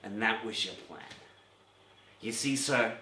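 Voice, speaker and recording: A man on a comedy stage impersonating a rumpled, dogged TV police lieutenant, talking in a slow, quiet drawl that keeps circling back with "sir" and "you see.". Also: fairly low pitch, slight background noise, pitched below the performer's own voice. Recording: roomy club echo.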